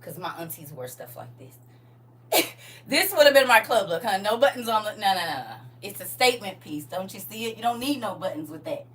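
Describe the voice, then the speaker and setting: A middle-aged woman chatting on a livestream from home, animated and talking straight to her viewers. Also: medium pitch, fairly quick, recorded from a distance, slight background noise. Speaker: livestream host showing off a custom jacket. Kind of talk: casual livestream chat. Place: at home indoors.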